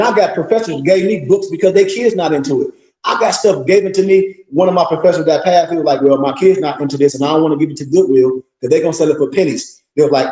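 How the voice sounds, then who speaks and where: A man talks as a pastor and teacher, animated and boastful, slipping into quoted voices as he tells his stories. His voice sits high for a man. The room around him rings with echo. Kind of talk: casual livestream talk.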